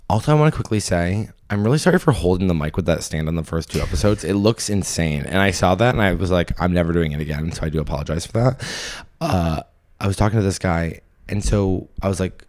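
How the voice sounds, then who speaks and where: A young man with a deep, low voice hosts a comedy podcast. He spins a loose, self-mocking story in a lively, off-the-cuff way, drifting from one thought to the next. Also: fast. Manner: animated, rambling, self-deprecating storytelling. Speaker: podcast host and stand-up comedian. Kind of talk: casual comedic monologue.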